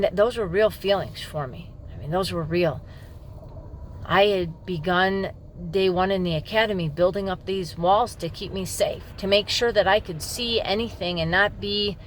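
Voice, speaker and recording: A woman's voice: medium pitch, a little hiss or hum. A middle-aged woman police officer candidly telling a personal story to the camera in an emphatic, frank way.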